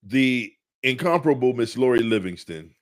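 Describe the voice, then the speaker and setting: A man co-hosting a podcast in casual chat, animated and joking, often stretching out stories. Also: mid-range voice. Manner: animated, joking, drawn-out storytelling. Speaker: podcast co-host.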